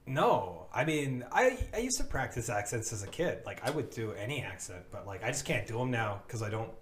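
Man, podcast co-host, medium pitch, dry joking asides, casual chat. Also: big pitch swings, fairly quick, a little hiss or hum.

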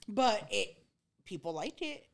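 A woman's voice: medium pitch, very animated, unhurried, vocal fry. A woman with a Chicano English accent from Southern California, chatting animatedly, swearing freely and mixing in Spanish. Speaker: podcast host. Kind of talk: casual chat.

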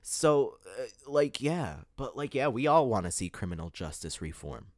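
A man's voice: medium pitch, very animated, moderate pace, no room sound, clean studio sound. A man hosting an opinion podcast, talking emphatically and tossing out rhetorical "right?" questions. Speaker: podcast host. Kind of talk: opinion commentary monologue.

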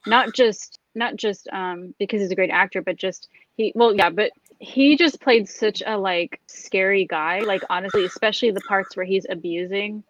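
A woman's voice: medium pitch, moderate pace, hardly any pauses, lo-fi sound. A woman co-hosting a film review podcast, talking casually with frequent fillers and laughs. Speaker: podcast co-host.

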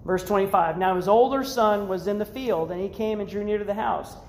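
A man preaching a lively, casual sermon to students, acting out the characters in the story with loud outbursts and slang. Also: high-pitched, a little fast, slight background noise. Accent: American. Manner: animated, acts out the characters' lines, casual slang. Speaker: youth pastor. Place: church hall. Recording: echoey church hall.

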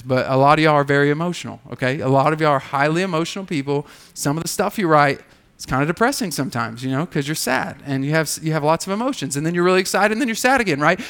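A male pastor with a high, smooth voice preaches a sermon in a conversational, animated style, full of rhetorical questions.

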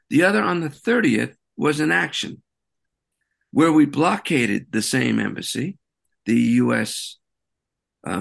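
A man with a gravelly, creaky voice tells his story as an interview guest. He talks in a loose, rambling, animated way and often circles back mid-sentence. His pitch sits in a middle range for a man. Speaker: interview guest, peace activist. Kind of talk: conversational interview.

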